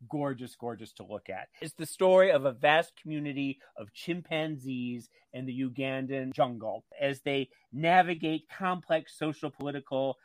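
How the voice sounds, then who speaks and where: A man co-hosting a radio show, talking in an animated, gushing way in casual chat. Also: medium pitch, no echo. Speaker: radio co-host. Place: radio studio.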